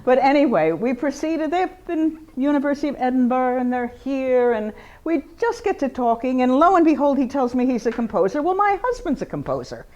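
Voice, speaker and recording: A woman who paints portraits, giving an informal, chatty talk about her work to a live audience in an art gallery, with big swings of pitch for emphasis. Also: sing-song, a little fast, darkish tone, highs cut off.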